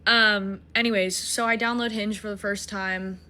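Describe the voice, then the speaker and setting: A woman in her twenties casually telling a dating story, animated, swearing and mocking herself. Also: mid-range voice, moderate pace. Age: 20s.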